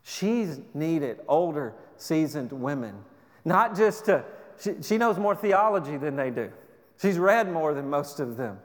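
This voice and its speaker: A man's voice: fairly high pitch, animated, a little slow. A man pastor preaching a sermon in a church, earnest and exhorting, often restarting his sentences. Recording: long reverb of a hall.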